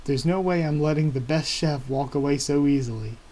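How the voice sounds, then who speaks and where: A man's voice: on the high side, brisk, dark tone, natural voice. A man reading out the lines of a stubborn, loyal young male pirate captain, speaking them defiantly.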